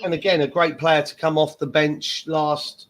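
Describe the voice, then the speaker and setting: A man hosting a casual football fan podcast, often pausing and restarting his sentences. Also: on the high side, little pitch movement, poor audio. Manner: hesitant, restarts with repeated words. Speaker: podcast host. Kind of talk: casual chat.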